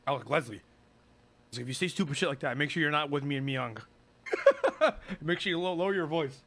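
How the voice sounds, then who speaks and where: Young guy streamer reacting, talks super fast, bright pushy tone, exasperated. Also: on the high side, animated. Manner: quick, exasperated, defensive interjections. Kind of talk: reaction commentary.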